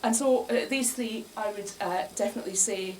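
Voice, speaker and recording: Her mid-range voice is a little mellow and moves at a normal speed as she performs a comic set before a bar crowd indoors. She keeps it wry and chatty and frequently laughs at her own jokes, captured on a distant mic with faint room noise.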